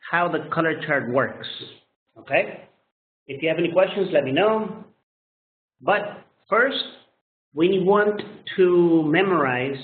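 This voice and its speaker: A man's voice: a little high, a little hiss or hum. A man teaching English pronunciation, speaking natively, who drills vowel sounds over and over and keeps checking with "okay?". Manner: slow, repetitive, drills sounds with frequent "okay?". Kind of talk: classroom lesson explanation. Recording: echoey room on a tinny lo-fi line.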